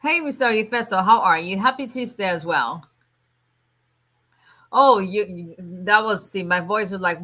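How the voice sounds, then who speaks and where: Bright-voiced woman chatting live. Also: on the low side, a little slow. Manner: warm chatty greetings, frequent restarts and fillers. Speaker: immigration attorney hosting a livestream. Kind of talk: casual livestream chat greeting viewers.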